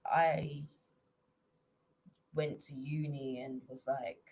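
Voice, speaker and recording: A woman's voice: rumbling low, little pitch movement, very slow, a little mellow, breathy edge, poor audio. Chatty English woman guest, playful. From England. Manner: chatty, playful, slips into put-on accents. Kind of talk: casual chat.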